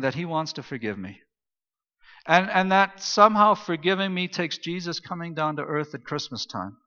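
A man's voice: high voice, pushed and bright. A man preaching a sermon as pastor in a church, talking in a loose conversational way and telling stories with many fillers and restarts. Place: church auditorium. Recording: distant reverberant hall, muffled sound.

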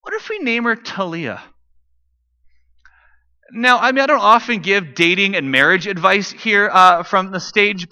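A man preaching from the stage in a high, very bright, ringing voice. His delivery is conversational and easygoing, with joking asides to the room. The sound is a stage mic. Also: highs cut off. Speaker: pastor. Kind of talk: sermon.

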